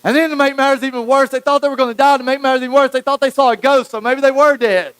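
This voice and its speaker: A preacher tells the story with animated, acted-out lines. His voice sits high and rings smooth and clear. The sound is close and dry. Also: very fast, dry recording, low-quality recording. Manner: animated storytelling, acting out quotes. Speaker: pastor. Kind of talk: sermon.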